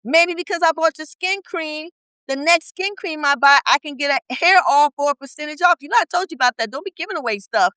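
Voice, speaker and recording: A woman with a bright, high, forceful voice coaching in a podcast interview. She speaks bluntly and colloquially and fires off quick rhetorical questions. The sound is dry and close. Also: no echo, poor audio. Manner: emphatic, rapid-fire rhetorical questions. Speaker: business coach guest. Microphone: podcast studio mic.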